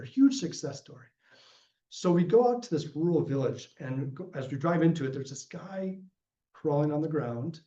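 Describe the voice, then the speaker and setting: A man giving a guest lecture who tells stories from his work animatedly, acting out the people in them, with frequent restarts. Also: fairly high pitch. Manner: animated storyteller, acts out quoted voices, frequent restarts. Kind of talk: storytelling during lecture Q&A. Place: lecture room. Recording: roomy, dull lecture-room recording.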